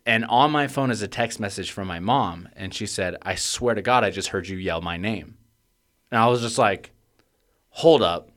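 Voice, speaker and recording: Podcast co-host, young adult man, lowish voice, profane and animated storyteller. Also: moderate pace. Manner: swears freely, gets loud and worked up when retelling panic. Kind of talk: casual storytelling chat.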